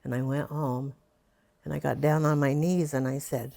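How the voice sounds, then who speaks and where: A woman's voice: sits low, fairly even intonation, normal speed, creaky, dark tone. An older woman being interviewed for an oral history, reminiscing in a rambling way with many fillers.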